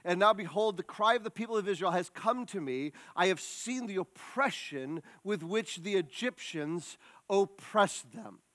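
A man voicing God as a calm, commanding male presence, speaking in a hushed, low, measured way. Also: no echo. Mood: reverent.

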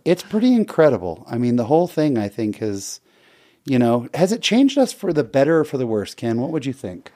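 A man's voice: medium pitch, a little fast. Chatty middle-aged male talk host. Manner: animated storyteller, laughs often. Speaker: radio show host. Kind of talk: casual talk-show chat.

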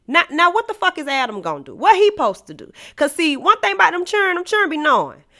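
A woman hosting a podcast, ranting about a TV show in a profane, dramatic way, swinging from shouting to low asides. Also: huge pitch swings, quick pace. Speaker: podcast host reviewing a TV show. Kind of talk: animated comedic rant.

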